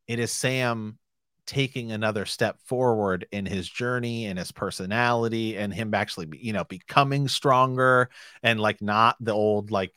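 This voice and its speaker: A man's voice: mid-range voice, a bit bright, dry recording, clean studio sound. A man co-hosting a podcast, earnestly talking through a book in casual discussion and rephrasing his points as he goes. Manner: earnest, piles up rephrasings while explaining. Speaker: podcast co-host.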